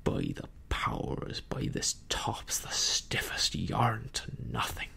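A storyteller voicing a cunning, scornful old male pirate captain in a slow, contemptuous whispered role-play. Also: mid-range voice, big pitch swings, vocal fry, sharp tone, full character voice.

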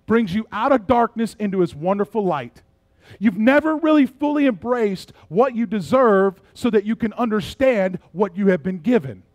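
High-voiced preaching pastor. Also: male voice, dry recording. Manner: dynamic, swings from soft and low to loud and emphatic. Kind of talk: sermon.

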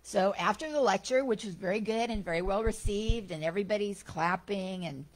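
Woman speaker, animated and chatty storyteller, middle pitch, Sunday talk. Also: brisk. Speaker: guest speaker at a spiritual center.

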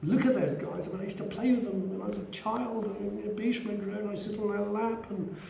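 A despairing young warrior prince begs to be spared the fight in a high, strained voice, as a man teaching a class puts him on. The tone stays mellow under the strain. The sound comes from a roomy hall with a faint hum behind it. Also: fairly even intonation, quick pace, gravelly, dull audio.

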